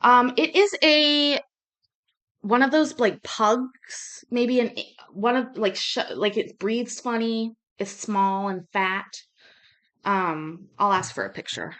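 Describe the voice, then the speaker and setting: A woman's voice: fairly high pitch, takes it slowly, a bit bright. A woman in her thirties hosting a cooking vlog, chatting casually and rambling between topics, with the odd swear word. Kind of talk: casual chat while cooking.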